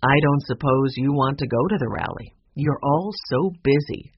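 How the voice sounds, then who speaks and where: A storybook reader voicing a kindly, gently teasing older grandfather. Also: medium pitch, animated, normal speed, slightly rough. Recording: dull lo-fi recording with faint noise.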